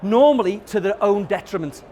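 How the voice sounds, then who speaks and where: Middle-aged male trainer, high-pitched, cheeky and sweary, in front of a live room. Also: lively intonation, normal speed, darkish tone, slight background noise. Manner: cheeky, sweary, acts out examples in character. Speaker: workshop presenter. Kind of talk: interactive training talk. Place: conference session room with audience.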